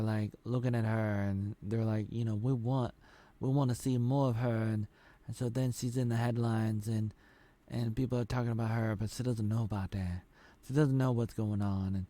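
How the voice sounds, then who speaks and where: A man's voice: on the low side, dark tone. A man giving a casual spoken recap of a show's episodes, rambling loosely and restarting his sentences often. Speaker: show reviewer.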